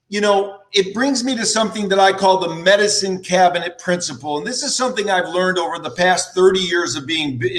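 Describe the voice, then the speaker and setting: A man's voice: high-pitched, a bit bright. A man in his fifties, a guest on an interview podcast, telling folksy stories with a lot of repetition. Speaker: guest, sales strategist. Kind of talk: storytelling interview answers.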